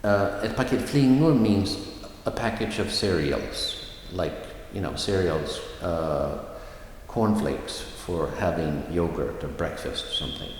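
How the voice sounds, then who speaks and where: A man teaching a recorded pronunciation lesson, speaking slowly and carefully and repeating example phrases. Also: low-pitched, slight background noise. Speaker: language teacher. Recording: echoey room with long reverb.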